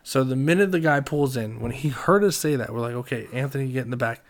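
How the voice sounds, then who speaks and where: A young man casually telling a story, swearing often and loudly acting out his friends' lines. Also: medium pitch, quick pace. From Reading, Pennsylvania.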